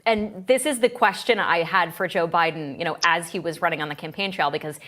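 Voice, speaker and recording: A woman's voice: on the low side, brisk, fairly bright tone. Earnest woman talk show commentator. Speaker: political commentator in a played clip. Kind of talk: political talk show discussion.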